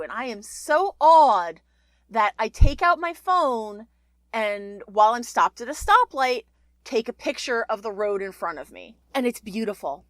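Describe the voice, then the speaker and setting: A woman's voice: mid-range voice, fairly bright tone, dry recording. A woman in her twenties hosting a podcast, telling a personal story in a chatty, rambling way with casual swearing and lots of asides. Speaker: podcast host.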